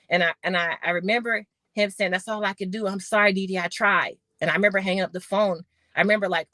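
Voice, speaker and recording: Woman, middle-aged, lively storyteller, mid pitch, dry sound. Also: dry recording. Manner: animated storyteller acting out quoted voices. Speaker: podcast guest, Olympic sprinter. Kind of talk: storytelling in a podcast interview.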